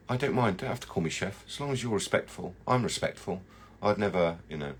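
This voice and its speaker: A man's voice: lowish voice, a little fast, a little hiss or hum. A man, a chocolatier hosting a casual live chat and rambling through viewer comments.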